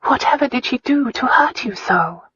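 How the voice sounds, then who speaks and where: A woman's voice: sits high, animated, normal speed, fairly bright tone, breathy edge, lo-fi sound, pitched above the performer's own voice, full character voice. A woman reading an audiobook, voicing an earnest, defiant young noblewoman who pleads and bristles by turns. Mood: earnest pleading. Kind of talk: audiobook dialogue.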